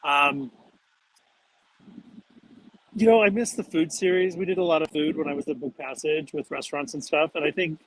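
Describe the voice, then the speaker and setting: Man with a slightly high voice. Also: moderate pace, long pauses, poor audio. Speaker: bookstore owner co-host. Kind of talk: casual interview chat.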